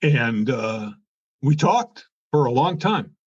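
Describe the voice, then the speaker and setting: A man's voice: mid-range voice, slow, slightly rough. An older man, a former car executive, telling an anecdote in an interview and acting out the quoted dialogue. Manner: animated, acts out quoted dialogue. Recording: dull lo-fi sound.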